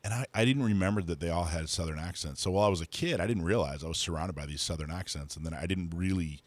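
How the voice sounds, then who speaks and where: Deep fast-talking male radio host. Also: no echo. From North Florida. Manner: friendly, quick questions with restarts. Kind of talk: casual radio talk.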